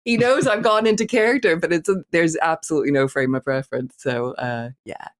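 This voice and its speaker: A woman's voice: low-pitched, fairly quick. A woman, a therapist guest on a podcast, chatting in an amused way about her knack for mimicry. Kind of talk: casual chat.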